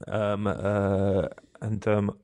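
A podcast co-host with a gravelly, somewhat low voice. He tells playful stories in relaxed chat and laughs easily. The sound is dry and close. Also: extremely slow, no room sound. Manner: playful storyteller, laughs often. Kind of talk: casual chat.

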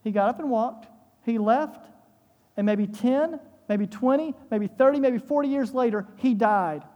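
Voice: mid-range voice, unhurried, big-room sound, muffled recording. A pastor preaching a sermon in a church, emphatic, with rhetorical questions and repeated phrases.

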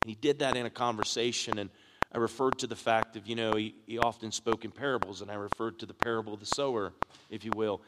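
A man's voice: on the low side, fairly even intonation, quick pace. Man preaching in an echoey hall. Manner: preaches with questions to the congregation, building in force. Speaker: pastor. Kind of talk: sermon. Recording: echoey hall with background noise.

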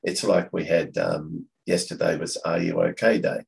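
A man with an Australian accent, talking casually as a podcast guest, halting and restarting often as he searches for words. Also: low voice, level tone, gravelly, darkish tone, poor audio. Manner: halting, with many restarts and fillers. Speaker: coffee catch-up organiser, podcast guest. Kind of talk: casual conversation.

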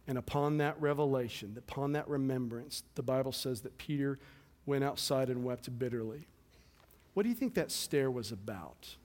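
A man preaching a sermon as pastor, with passionate delivery that swings between loud emphasis and quiet, hushed moments. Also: mid-range voice, normal speed. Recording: long hall reverb.

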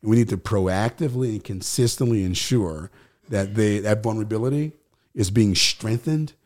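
A man's voice: fairly low pitch, moderate pace, darkish tone. A male pastor, a guest on the show, teaching scripture in conversation. He talks in an emphatic, preacherly way and builds his points through repetition.

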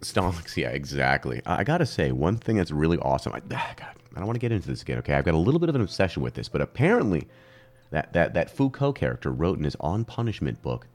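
A low-voiced man talks in a loose, joking way, rambling from point to point. His pitch swings widely and often leaps up for emphasis. It is a casual podcast chat between two hosts. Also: very animated, quick pace, soft background music. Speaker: podcast co-host.

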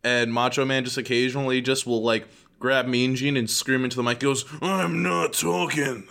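A man's voice: mid-range voice, level tone, fairly quick, a bit bright, clean tone. A man guesting on a podcast, telling a story with enthusiasm and laughter. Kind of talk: casual podcast chat.

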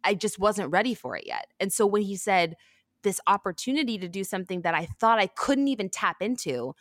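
A young woman, a guest in an interview, telling a story in an animated way and acting out the people she quotes. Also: mid-range voice, brisk, dry recording, studio quality. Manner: animated, acts out quoted voices.

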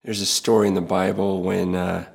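A man's voice: sits low, level tone, normal speed, creaky, a little mellow, slightly rough. A middle-aged male pastor speaking in an earnest, preaching style, impassioned and pleading, repeating words as he builds.

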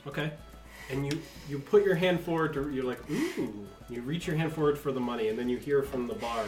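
A man narrating a tabletop game as game master, animated and often laughing, recorded in an echoey room with faint music. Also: mid-range voice, quick pace.

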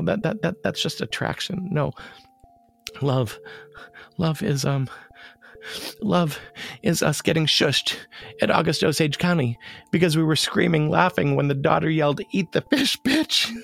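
A man narrating his own story in a halting, emotional way, stammering and repeating words. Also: a little high, gravelly. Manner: emotional and urgent. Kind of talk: scripted memoir narration.

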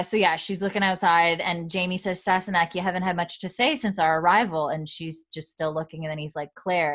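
Chatty woman recapping with lots of fillers. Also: fairly low pitch. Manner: retells scenes with quoted lines, many fillers, laughs often. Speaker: podcast host recapping a TV episode. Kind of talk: casual chat.

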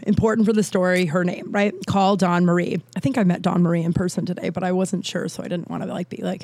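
A woman's voice: medium pitch, quick pace, hardly any pauses, no echo. A woman comedian telling a rambling story in casual talk, swearing often and acting out what people said. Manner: rambling, profane, animated with voiced quotes. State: out of breath. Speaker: comedian and podcast host.

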